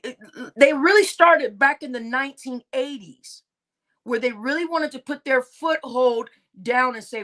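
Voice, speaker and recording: A woman's voice: sits high, fairly bright tone. A woman hosting a casual livestream monologue, emphatic, often repeating words and asking "right?". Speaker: host of a conspiracy talk stream.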